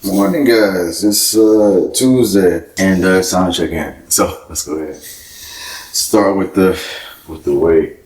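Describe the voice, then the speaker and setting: A man's voice: sits low, slow, darkish tone, slight background noise. A young man vlogging casually as a bodybuilder, chatty and easygoing, explaining his routine as he goes. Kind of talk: casual vlog talk to camera. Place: indoor room away from home. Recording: echoey room.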